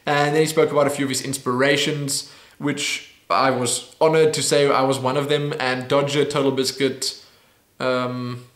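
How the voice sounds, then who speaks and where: A man hosting a casual weekly Q&A video, playful and laughing, slowly sounding out foreign phrases. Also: medium pitch, flat delivery, a bit bright, echoey room. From South Africa. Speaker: YouTube host. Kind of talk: casual Q&A chat.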